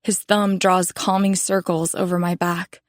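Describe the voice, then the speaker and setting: A woman narrating a romance audiobook in the first person, in a calm, measured way. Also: fairly low pitch, no room sound, clean studio sound.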